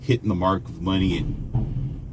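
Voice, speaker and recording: A man with a low voice tells a personal story straight to his viewers. He is chatty and conversational, breaking off for asides and addressing them directly. A faint ambient hum sits under his voice. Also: fairly even intonation, unhurried. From United States. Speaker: vlogger. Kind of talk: casual storytelling monologue.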